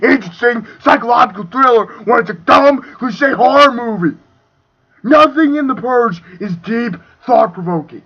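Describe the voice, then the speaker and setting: A young man ranting angrily about a movie, profane and swinging between shouting and muttering. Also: extremely high pitch, slightly rough. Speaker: video reviewer. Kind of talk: angry movie rant. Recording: dull lo-fi home recording.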